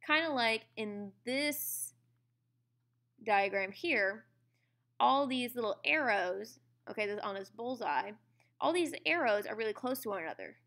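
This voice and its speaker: Woman, science lesson, conversational, clear bright tone. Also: a little high, animated, a little slow. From United States. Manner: conversational, checks in with "okay?" and "all right?". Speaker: science teacher. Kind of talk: classroom lecture.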